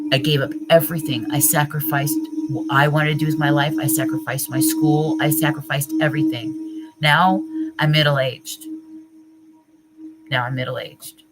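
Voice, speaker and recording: A woman's voice: sits low, poor audio. A woman giving a live tarot reading, speaking passionately and voicing the client's feelings in the first person, with occasional swearing. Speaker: tarot reader. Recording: singing bowl music behind the voice. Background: singing bowl music.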